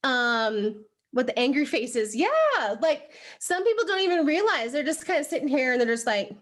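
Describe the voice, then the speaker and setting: A woman's voice: high-pitched, moderate pace. Chatty woman giving a motivational talk. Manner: animated, chatty, lots of "like" and "right?". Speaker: sales team trainer. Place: room with a live audience.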